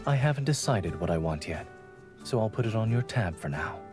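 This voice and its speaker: A man voicing a calm, reserved young male doctor in game dialogue, with dry, measured delivery. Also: on the low side, close to an everyday voice. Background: game music.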